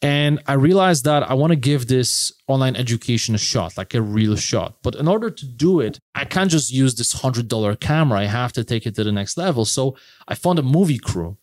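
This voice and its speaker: A man, a podcast guest, telling his own story in a casual, animated way and swearing now and then. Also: mid-range voice, brisk, no room sound.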